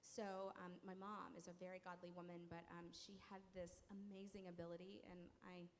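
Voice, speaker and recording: A woman's voice: on the low side, flat delivery, normal speed. A woman on a discussion panel, explaining her points thoughtfully with examples from her own life. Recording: reverberant hall with faint noise.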